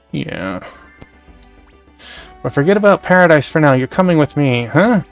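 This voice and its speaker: A man streaming a game, reading the dialogue aloud in a casual, brisk way. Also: fairly high pitch, sing-song, gravelly, faint music behind. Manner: casual, brisk, reads every part.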